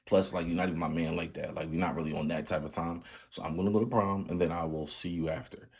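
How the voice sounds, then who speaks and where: A man's voice: deep voice, steady tone, fast talker, a little mellow, slightly rough. A man voicing his mother as a firm, plain-spoken, protective woman. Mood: defiant.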